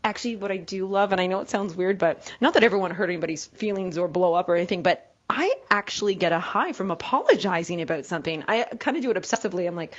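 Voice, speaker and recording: A woman's voice: mid-range voice, animated, quick pace. A woman guest on a spiritual radio show, chatting in a bubbly way, laughing often and acting out her own reactions. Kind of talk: casual interview chat. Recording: dull lo-fi radio audio.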